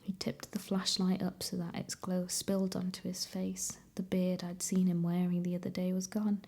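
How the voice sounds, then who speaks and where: A woman reading a novel aloud as an ASMR reader, in a soft whispered role-play. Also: lowish voice, completely flat delivery, moderate pace, vocal fry.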